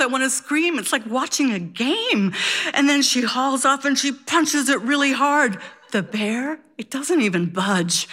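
A woman telling a personal story live on stage, vivid and animated. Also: high-pitched. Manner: vivid, animated, childlike wonder.

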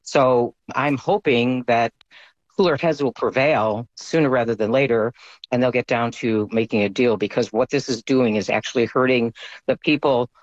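A man speaks in a measured, earnest tone in a news interview clip. His voice sits at a medium pitch. The recording sounds slightly dull and lo-fi, with a dry quality. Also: fairly even intonation, no room sound.

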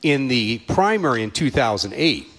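A man's voice: medium pitch, very animated, moderate pace, fairly bright tone. Chatty man with lots of "right?" asides. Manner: chatty, frequent "right?" and "you know" tags. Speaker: podcast guest, former staffer. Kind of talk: casual anecdotal chat.

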